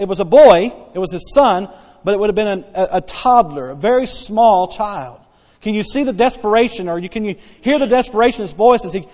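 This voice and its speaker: High-voiced preacher in an echoing hall. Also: male voice, darkish tone. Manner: repeats key phrases for emphasis, drawls Bible quotes slowly. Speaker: pastor. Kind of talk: sermon.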